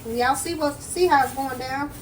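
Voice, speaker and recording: A woman's voice: sits high, normal speed, a little hiss or hum, poor audio. A woman chatting folksily to viewers while she prepares food in her home kitchen. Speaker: home cooking vlogger. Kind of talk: casual cooking chat to camera.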